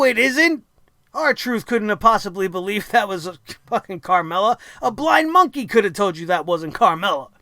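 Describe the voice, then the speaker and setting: Man, high voice, angry profane rant, wrestling review host, dry close sound. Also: bright, forceful tone, no room sound. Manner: angry, profane, sarcastic ranting. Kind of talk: ranting show review.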